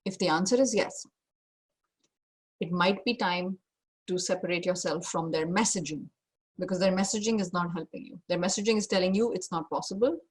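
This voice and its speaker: A woman's voice: lowish voice, brisk, slightly rough. A woman career coach giving an online masterclass over a video call, direct and emphatic, stressing her key points more than once.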